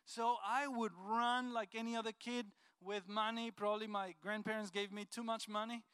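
A man shares an earnest, heartfelt personal testimony. His voice sits high and bright, smooth and clear, recorded with a dry, close sound. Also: little pitch movement, moderate pace, dry recording. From Colombia. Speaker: speaker sharing a personal testimony. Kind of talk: emotional personal testimony talk.

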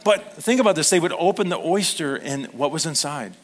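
Male pastor, sermon delivery, earnest and animated, slips into playful quoted voices. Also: fairly high pitch, fairly quick. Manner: earnest, gets emotional.

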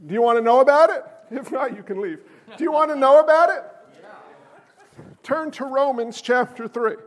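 A man preaching a sermon as pastor, an animated storyteller who jokes with the congregation. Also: very high-pitched, moderate pace, in a large hall.

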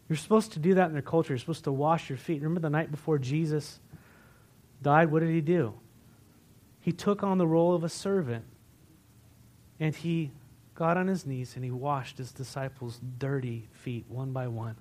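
A male pastor preaching a sermon in a conversational storytelling way, dropping to near-whispers and rising to loud, emotional bursts. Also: a little high, normal speed. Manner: conversational storytelling with many restarts, swinging from hushed to loud.

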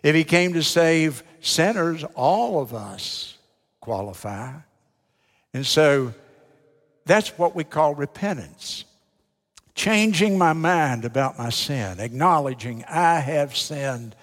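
An older man preaches a sermon in a homely, emphatic way and keeps asking the congregation rhetorical questions. His voice sits a little high for a man. The sound trails off in the long reverb of a large church hall. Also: lively intonation, slow pace. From United States. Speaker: Baptist preacher.

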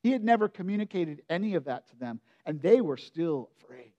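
Pastor, male, high-pitched, delivering a conversational, expressive sermon. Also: a little fast, muffled recording. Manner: conversational, expressive preaching with direct questions to listeners.

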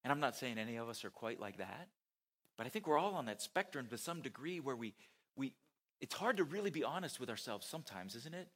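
A pastor giving a conversational sermon at a church, with self-deprecating asides and rhetorical questions to the congregation. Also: male voice, mid-range voice, sing-song, a little fast, fairly bright tone.

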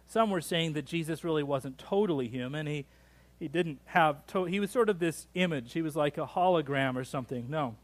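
A pastor preaching a sermon in a church, joking and drawing the congregation in. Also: male voice, a little high, a little fast. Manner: lively, joking, engages the congregation.

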